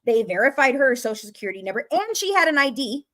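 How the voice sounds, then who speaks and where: Woman true-crime commentator, high voice, emphatic, angry, swears, repeats herself for effect. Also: very animated, fast talker, a bit bright. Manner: emphatic, repetitive, swears when worked up. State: openly angry. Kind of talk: casual true-crime rant to viewers.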